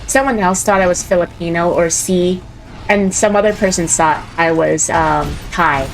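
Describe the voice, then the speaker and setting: A woman's voice: on the low side, normal speed, soft background music, poor audio. Giggly rambling young woman streamer. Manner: rambling and giggly, mimics voices. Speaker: VTuber streamer. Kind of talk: casual chat while gaming.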